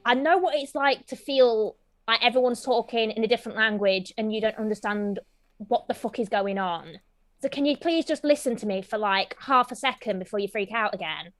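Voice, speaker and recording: A woman playing a blunt, tough young adventurer with gruff, slangy talk. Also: on the high side, brisk, natural voice. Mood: earnest.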